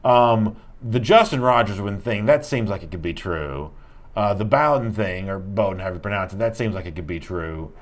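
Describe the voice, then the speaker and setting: A man co-hosting a sports talk show, answering trivia in casual banter and joking about himself. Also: fairly low pitch. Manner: animated, quick to joke about himself.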